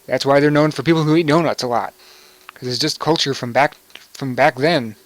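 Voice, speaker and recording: A man's voice: medium pitch, fairly quick, no echo. Joking young man commenting on a game. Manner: joking, wry, laughs often. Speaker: let's play commentator.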